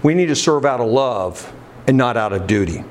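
A man's voice: medium pitch, lively intonation, moderate pace, slight background noise. A man delivers a sermon, stopping to ask the congregation questions and then answering them himself. He has a mid-range voice. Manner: preaching with call-and-response questions. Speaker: pastor.

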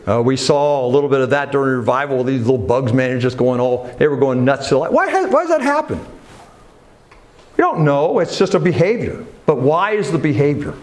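This man's voice sits at medium pitch but swings widely, and he talks briskly. He's delivering a church sermon in a relaxed, conversational way, asking his congregation questions as he goes.

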